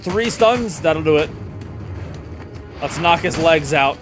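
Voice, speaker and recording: A man's voice: a little high, expressive, takes it slowly, music in the background. A young man giving jokey, chatty commentary while streaming a video game. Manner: jokey, chatty, laughs often. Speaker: gaming streamer. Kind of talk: casual gaming commentary.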